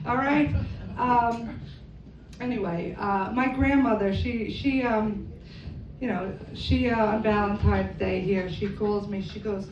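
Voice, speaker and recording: A woman's voice: mid-range voice, fairly even intonation, slow, noisy background. A woman performing a stand-up comedy set, self-deprecating, acting out characters in quoted voices. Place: comedy club stage. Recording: echoey, distant, muffled live club sound.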